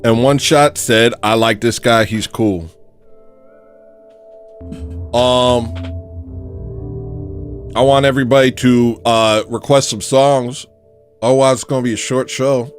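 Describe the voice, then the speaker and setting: A man's voice: medium pitch, steady tone, measured pace, pauses often, soft background music. A man hosting a casual livestream, rambling and joking, reading out viewer messages and slipping into little rhymes. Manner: rambling, joking, slips into rhyming riffs; reads out viewer donations. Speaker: livestream host.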